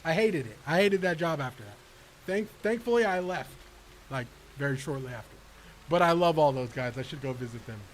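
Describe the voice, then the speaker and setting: A man streaming a video game who tells stories in an animated, slangy way and laughs often. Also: on the high side, fairly quick, a little hiss or hum. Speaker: gaming streamer. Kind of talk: casual storytelling while playing.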